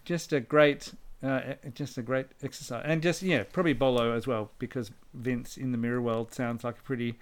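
A man's voice: mid-range voice, steady tone, a little fast, few pauses. A man hosting a podcast in casual chat, rambling with restarts. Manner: chatty, rambling, with restarts and laughter. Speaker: podcast host.

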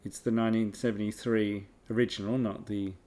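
A man's voice: on the low side, little pitch movement, a little fast, dark tone. A man co-hosting a casual podcast chat, chatty and stammering at times. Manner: chatty, stammers, acts out quotes. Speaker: podcast co-host.

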